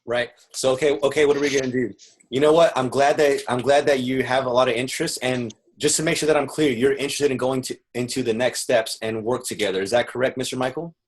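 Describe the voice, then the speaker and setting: A man's voice: medium pitch, fairly even intonation, fast. A man teaching marketing sales on a video call, earnest and explaining step by step. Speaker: marketing instructor. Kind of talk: teaching sales with role-play.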